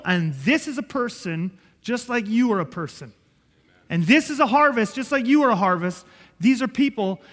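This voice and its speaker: High-voiced pastor preaching earnestly. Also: male voice. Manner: earnest, emphatic, swings from loud to soft. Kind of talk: sermon. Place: church hall. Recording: echoey church hall.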